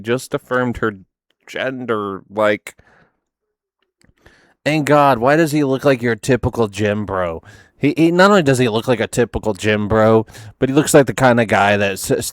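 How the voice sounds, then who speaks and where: A man's voice: lowish voice, clean tone, no echo, clean studio sound. A man hosting a reaction video, talking casually in a rambling, sarcastic way with lots of "like".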